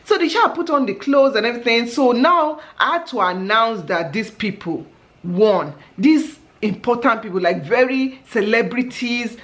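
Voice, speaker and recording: A middle-aged woman, telling a story in an animated way as a vlog host, laughing often and acting out her exclamations. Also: a little high, normal speed.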